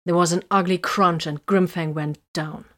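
Woman reading a battle story aloud, calm steady pace, lowish voice. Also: moderate pace. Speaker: narrator. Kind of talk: audiobook reading of fan fiction.

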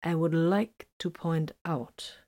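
A woman's voice: fairly low pitch, moderate pace, natural voice. A woman reading as Vox, a firm soldier. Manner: firm, matter-of-fact.

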